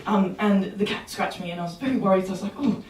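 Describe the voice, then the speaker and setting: A woman's voice: mid-range voice, steady tone. A woman in a comedy class telling a joke, awkward and hesitant with many ums. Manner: awkward, hesitant, fast talker. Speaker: comedy student. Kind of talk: casual class discussion. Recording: echoey room, far from mic, noisy.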